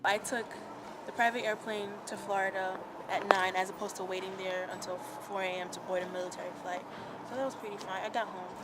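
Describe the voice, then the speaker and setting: A woman's voice: mid-range voice, flat delivery, a little fast. Young woman talking casually, lots of likes and ums, music going underneath. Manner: chatty, lots of "like" and "um". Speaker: interviewee. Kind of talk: casual personal account.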